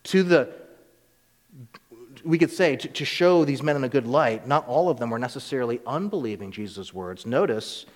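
In a large hall, a man preaches a sermon in a conversational way, his medium-pitched voice moving at a moderate pace with lively intonation. Now and then he acts out the voices of biblical figures from the story.

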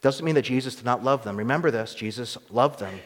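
A male preacher giving an expository sermon, teaching with emphatic rises and quiet asides. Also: medium pitch, a little fast. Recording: long hall reverb.

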